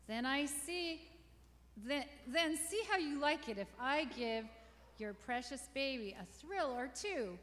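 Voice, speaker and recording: A woman's voice: high-pitched, lively intonation, slow pace, a bit bright, heavily acted. A woman voicing a bossy older sister, a girl who taunts and mocks. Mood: taunting. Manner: taunting and mocking. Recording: long reverberant room echo.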